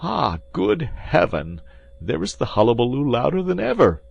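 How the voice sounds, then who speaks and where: A hand-wringing innkeeper, as a male narrator puts him on, fretful and pleading, his voice swinging high with worry. A worried tavern keeper in a storybook reading. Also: sing-song, measured pace, gravelly, breathy edge, no room sound, highs cut off, exaggerated voice. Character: anxious middle-aged male innkeeper, fretful.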